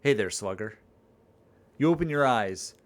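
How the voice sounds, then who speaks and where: Streamer: a playful man reading his game's narration, very animated pitch. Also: measured pace. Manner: playful, rambling with restarts. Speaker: streamer and game author. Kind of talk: reading game narration and casual chat.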